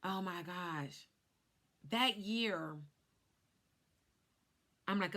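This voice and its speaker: A woman in her thirties, a life insurance agent, telling her story to camera in an animated way while glancing at cue cards. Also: medium pitch, normal speed. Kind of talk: casual talk to camera.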